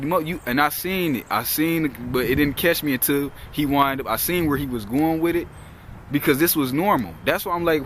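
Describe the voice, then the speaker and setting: A man's voice: a little high, normal speed, slight background noise. Young man telling a heated story outdoors. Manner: heated, profane, rambling retelling. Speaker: vlogger. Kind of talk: casual storytelling.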